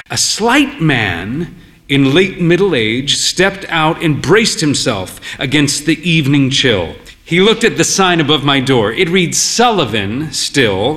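Man slowly narrating a wry story. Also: mid-range voice, a bit bright. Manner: wry, weary, measured.

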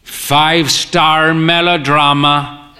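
A man's voice: on the high side, little pitch movement, slow, pushed and bright, a little hiss or hum, full character voice. A man reading a story, voicing a thin, fey, jokey man in late middle age with a droll drawl.

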